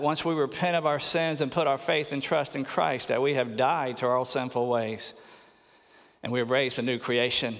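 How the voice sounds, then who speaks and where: A pastor preaching a sermon with earnest emphasis, slowing down on key phrases and sometimes repeating words. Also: male voice, mid-range voice, fairly bright tone. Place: church sanctuary. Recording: long church hall reverb.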